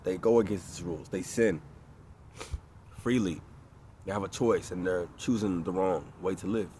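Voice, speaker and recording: A man's voice: low-pitched, moderate pace, a little hiss or hum. A man with a stuffy nose delivering a preachy, rambling monologue that keeps building in urgency. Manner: preachy, rambling, grows louder and more urgent. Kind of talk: impassioned monologue.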